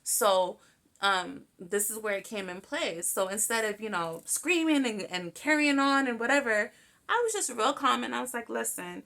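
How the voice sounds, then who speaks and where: A young woman hosting a show, telling a personal story in a candid, animated way and swearing freely. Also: on the high side, moderate pace. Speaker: podcast host. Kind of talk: casual storytelling monologue.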